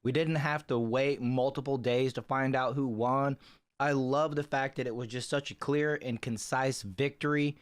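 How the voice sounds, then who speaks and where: A man's voice: medium pitch, steady tone, normal speed. A man hosting a channel, opening the video in an upbeat, gloating, casual way. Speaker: channel host.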